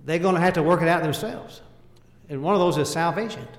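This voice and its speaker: A man delivers a sermon in a fairly high voice, pressing each point in short, earnest phrases and slipping into King James wording when he quotes scripture. His voice rings out in a roomy hall with a long reverb tail. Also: quick pace. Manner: speaks in short emphatic phrases, voice rising and falling in volume. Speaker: preacher.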